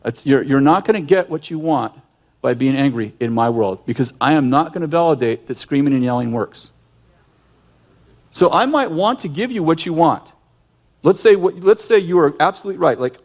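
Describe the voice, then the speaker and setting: A man teaches in a conversational sermon style, animated and emphatic. His voice sits a bit high for a man. He speaks bluntly and often breaks off to restart a thought. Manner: animated storyteller who acts out yelling scenes; direct and emphatic, with frequent restarts. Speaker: ministry leader and teacher.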